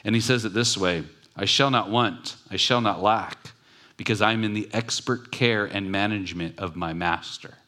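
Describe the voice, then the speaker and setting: Low-voiced man preaching a sermon. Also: sharp tone. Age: adult with children. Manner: conversational, emphatic preaching with repetition. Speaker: pastor.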